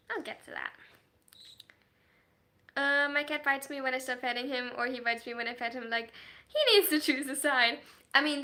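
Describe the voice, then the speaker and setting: Bright, high-voiced woman chatting on stream. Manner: chatty and animated, with quick laughs and restarts. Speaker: livestreaming story writer. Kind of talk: casual livestream chat, reacting to viewers' messages.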